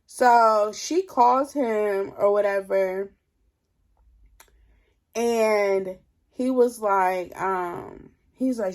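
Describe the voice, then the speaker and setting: A young woman telling a storytime tale in casual chat, drained and low on energy, leaning on 'like' as she talks. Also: drawn-out words, long pauses, a little mellow. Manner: chatty, leans heavily on 'like'. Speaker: vlogger.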